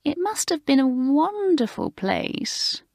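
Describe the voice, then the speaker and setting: A woman voicing Alicia, a sarcastic teenage schoolgirl in an audiobook, speaking in a smooth drawl. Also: mid-range voice, animated, a little slow, no echo, studio quality, natural voice.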